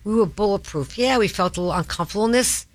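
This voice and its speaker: A woman's voice: medium pitch, expressive, fast. A woman with a Boston North Shore accent hosting a talk radio show, blunt and emphatic in casual chat. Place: radio studio.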